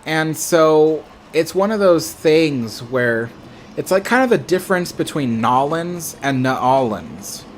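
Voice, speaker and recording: A man's voice: a little high, very animated, takes it slowly, a little hiss or hum. An American man hosting a livestream, chatting casually and answering viewer comments in a rambling, self-correcting way. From United States. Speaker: livestream host.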